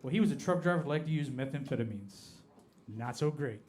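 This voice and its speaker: A man from Appalachia with an American Appalachian accent, performing a stand-up comedy set on a club stage and drawing out his punchlines deadpan. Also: mid-range voice, brisk. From Appalachia, United States.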